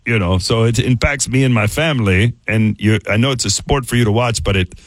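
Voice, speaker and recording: Casting: male co-host, mid-pitch, deadpan, dry close mic. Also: brisk, dry recording. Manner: dry, deadpan one-liners. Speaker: comedy podcast co-host. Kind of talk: deadpan comedic banter.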